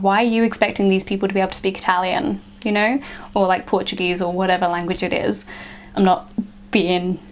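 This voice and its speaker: A young female vlogger chats casually to the camera, peppering her sentences with "like." Her voice is mid-range and slightly mellow.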